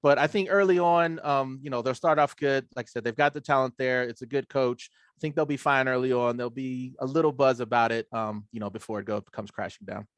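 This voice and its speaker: A man's voice: mid-range voice, fairly quick, clear, resonant tone, no echo. A man as a guest on a sports talk show, chatting casually and hesitantly with many fillers. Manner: hesitant, lots of ums, laid-back. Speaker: guest analyst.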